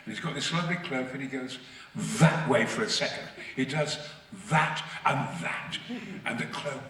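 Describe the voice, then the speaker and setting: A man guest at a convention panel, telling stories to the audience in a booming, theatrical way, heard from far off in an echoey hall. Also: bright, forceful tone, a little hiss or hum. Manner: booming, theatrical, acts out voices. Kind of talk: anecdotal storytelling to an audience.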